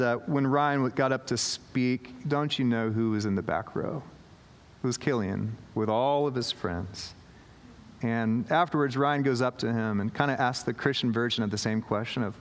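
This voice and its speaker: A man's voice: mid-range voice, fairly even intonation, normal speed, clear, resonant tone. A man preaching a sermon, telling a story with lots of fillers and restarts and acting out the quoted voices. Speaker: pastor. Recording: long hall reverb.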